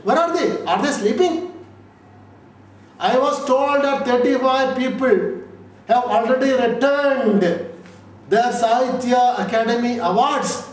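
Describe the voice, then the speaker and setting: A male Indian lawyer with a high voice gives emphatic interview answers, repeating himself and posing rhetorical questions. The mic is distant in a very echoey room, with faint noise.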